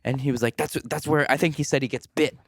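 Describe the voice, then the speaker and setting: A young man co-hosting a podcast, telling a film's plot in a relaxed, chatty way. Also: mid-range voice, fast, no echo, studio quality. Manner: relaxed storytelling with fillers. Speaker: podcast co-host. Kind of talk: casual movie review chat.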